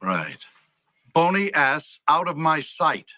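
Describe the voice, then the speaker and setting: A man's voice: on the high side, sing-song, takes it slowly, bright, forceful tone, exaggerated voice. An actor playing a stern male company boss who is confronting a liar in firm, cutting film dialogue.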